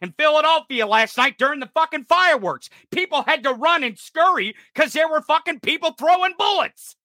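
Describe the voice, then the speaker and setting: Furious swearing man, high bright voice. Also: lively intonation, normal speed, dry recording, studio quality. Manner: furious, profane, shouting. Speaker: podcast host. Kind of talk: angry political rant.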